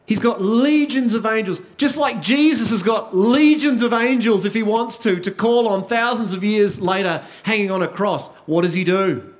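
A man's voice: high voice, normal speed. A man preaching a sermon, asking rhetorical questions and repeating key lines for emphasis.

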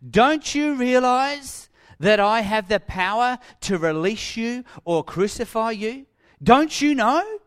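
Pilate, a man playing a shouting governor. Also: very high-pitched, lively intonation, takes it slowly, clean tone, pitched above the performer's own voice, full character voice. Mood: angry, domineering. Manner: shouting, demanding, boastful. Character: domineering male Roman governor, threatening.

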